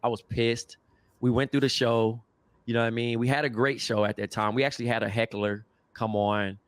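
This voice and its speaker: A man's voice: mid-range voice, brisk, clean tone, no echo. A young adult man co-hosting a podcast, telling a story in a casual, slangy, profane way and acting out other people's voices. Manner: animated, slangy and profane, acts out quoted voices. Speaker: podcast co-host.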